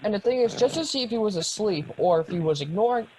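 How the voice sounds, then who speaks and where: A man's voice: high voice, animated, fast talker, a little mellow, slight background noise, low-quality recording. A young man co-hosting a podcast, telling a long story in a casual, rambling way with lots of ums and restarts. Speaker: podcast co-host. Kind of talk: casual chat.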